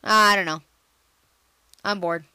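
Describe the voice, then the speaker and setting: A woman giving casual let's-play commentary on a computer game, chatty and excitable, jumping into squealy high bursts. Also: slow pace, clean tone, dry recording. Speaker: gameplay commentator.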